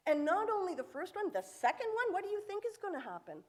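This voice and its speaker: Speaking fast with hardly a pause, a woman with a very high, very animated voice gives a sermon in a synagogue. She acts out quotes vividly and poses rhetorical questions, her words echoing through the hall.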